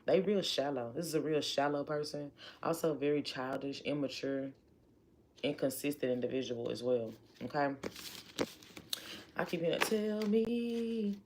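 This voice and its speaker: A woman's voice: rumbling low, fairly even intonation, moderate pace, pauses often, darkish tone, a little hiss or hum. A woman giving a casual tarot reading, talking chattily and repeating lines for emphasis. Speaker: tarot reader.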